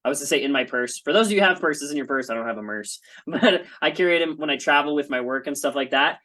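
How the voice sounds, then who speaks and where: A man's voice: a little high, lively intonation, fast, bright, forceful tone, rough recording. A man giving a casual presentation, talking in a chatty storytelling way with frequent asides.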